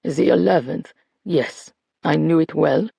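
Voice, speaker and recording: A man's voice: a little high, measured pace, creaky, warm tone, breathy edge, no room sound, exaggerated voice. A narrator voicing an irritable, forgetful old man, a former police officer, with curt, grumbling lines. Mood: grumpy, wary. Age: older.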